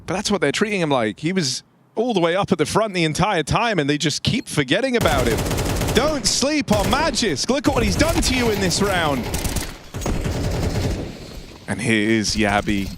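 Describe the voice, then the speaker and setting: A man casting a shooter match as play-by-play commentator, animated and jokey. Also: moderate pace. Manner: animated, jokey, pitch jumps up when excited. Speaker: esports caster. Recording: noisy broadcast with game gunfire behind. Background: game gunfire and clicks.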